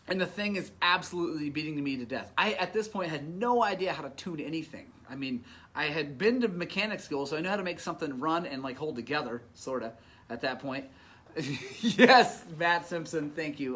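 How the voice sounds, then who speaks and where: Animated, bright-voiced male storyteller. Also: on the high side. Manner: animated, laughs often while telling the story. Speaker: podcast host. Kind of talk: casual storytelling.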